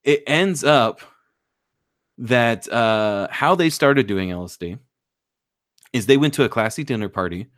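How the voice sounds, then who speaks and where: A man's voice: medium pitch, unhurried, long pauses, no room sound. A man co-hosting a casual podcast, recounting wild anecdotes with loose, profane energy and sudden emphasis. His voice sits mid-range, and the recording is dry with no room sound. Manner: profane, animated storyteller. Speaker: podcast co-host. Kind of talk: casual chat, storytelling.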